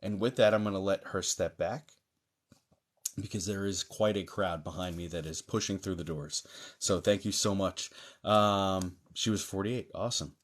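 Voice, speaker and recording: Low-voiced man hosting a live reading. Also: normal speed. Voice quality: chatty, lively greetings, many fillers. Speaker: medium hosting a live stream. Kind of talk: live-stream psychic reading, reading chat aloud.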